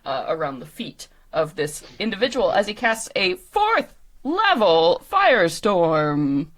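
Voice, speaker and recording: A woman running a tabletop game as game master, narrating scenes in an animated way and often laughing. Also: medium pitch, moderate pace. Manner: animated, laughing, drops to hushed description.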